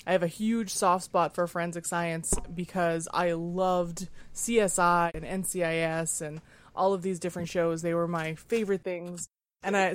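A woman hosting a casual panel chat, chatty and self-mocking, with frequent filler words. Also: lowish voice. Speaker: podcast host.

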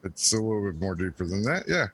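A laid-back man chatting as co-host, swearing casually and chiming in with short answers. His voice is very deep with a husky edge. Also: big pitch swings, fast talker, fairly bright tone, no room sound. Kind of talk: casual chat.

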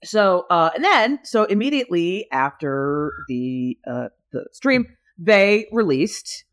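A woman co-hosting a casual podcast chat, enthusiastic and rambling, quick to agree. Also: on the low side, sing-song. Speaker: podcast co-host.

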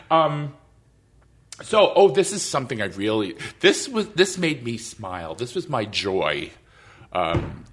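A man's voice: on the low side, fairly bright tone. A man hosting a podcast interview, talking in an effusive, emotional way and often repeating himself. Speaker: podcast host. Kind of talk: casual interview chat.

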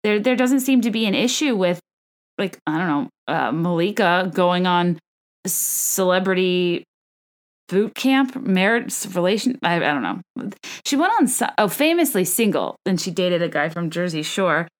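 A woman's voice: fairly low pitch, expressive, a little slow. A woman hosting a solo podcast, chatting about celebrity gossip in a rambling way with many asides. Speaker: podcast host.

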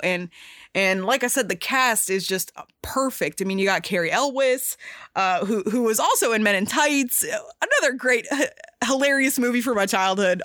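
A woman hosting a podcast in casual chat, talking in an animated, rambling way with many fillers and restarts, emphatic and swearing casually. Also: mid-range voice, no echo, clean studio sound. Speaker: podcast host.

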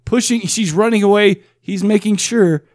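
A man with a high, somewhat dark voice co-hosts a podcast at a moderate pace, rambling, joking and laughing often in casual chat. The recording is dry and clean, with a studio sound.

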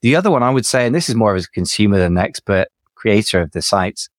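Male co-host, rapid chatty delivery, very deep register. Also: expressive, dry recording, clean studio sound. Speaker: podcast co-host, business adviser. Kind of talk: casual podcast conversation.

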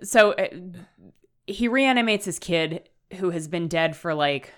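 A woman's voice: fairly low pitch, expressive, unhurried, smooth. A woman co-hosting a podcast, chatting casually about a horror novel with dry asides and laughter. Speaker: podcast co-host. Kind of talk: casual book discussion.

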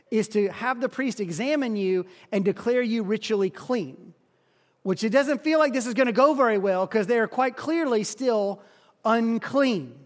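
A male pastor preaching a sermon, telling the story in an animated way and often repeating words. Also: very high-pitched. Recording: long hall reverb.

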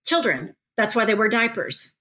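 A woman from Oklahoma with an Oklahoma accent, a reality show cast member telling stories in a wry, animated way. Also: fairly high pitch, moderate pace. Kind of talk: casual chat, storytelling.

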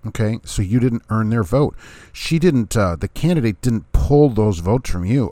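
A man with a fairly low voice talks in a loose, unscripted rant, firing off rhetorical questions and briefly acting out what other people say. The sound is dry and close, with almost no room in it. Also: animated, moderate pace, mellow, no echo. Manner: ranting, rhetorical questions, chuckles, acts out others' words. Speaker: vlogger, former third-party candidate. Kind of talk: casual opinion monologue.

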